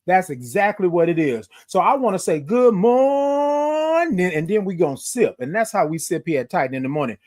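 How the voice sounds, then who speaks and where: Male morning-stream host on a phone, high and very lively, reads out viewer comments and stretches out his greetings. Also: fast talker, hardly any pauses. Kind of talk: upbeat live-stream chat greeting viewers.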